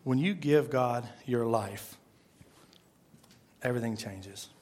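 A pastor preaches a sermon in a conversational way, often restarting his sentences and suddenly getting loud. His voice is mid-range and slow, with a little hiss or hum in the background.

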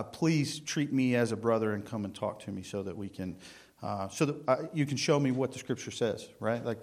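A man giving a sermon as a guest preacher. He talks in a folksy, halting way with many fillers and tells jokes in acted voices. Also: on the low side, darkish tone.

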